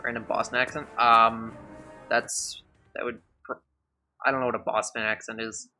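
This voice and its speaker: A man's voice: medium pitch, level tone, normal speed, bright, forceful tone, soft background music. A man giving casual gameplay commentary during a speedrun, chatty, sarcastic and rambling.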